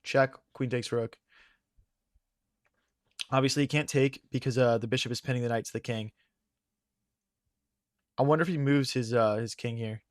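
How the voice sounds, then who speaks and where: A young male streamer chats his way through chess moves, thinking aloud and calling his audience "guys," his voice worn down from hours of talking. He has a medium pitch and fairly even intonation, and he speaks at a moderate pace with frequent pauses. The recording is dry and close, with no room sound.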